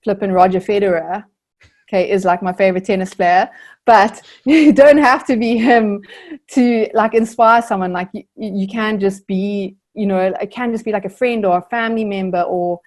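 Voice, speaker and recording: A young woman from South Africa speaks at a medium pitch. She answers thoughtfully and earnestly, circling her points with lots of "like" and "um". She sounds like a guest speaking freely in a relaxed conversation. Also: normal speed. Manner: earnest, reflective, many fillers like "like" and "um". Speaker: guest, Olympic rower. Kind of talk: casual interview answers.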